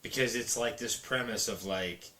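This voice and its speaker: A man in his thirties in casual chat, excitable and swearing, acting out scenes from films he loves. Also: medium pitch, normal speed, roomy sound. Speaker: co-host.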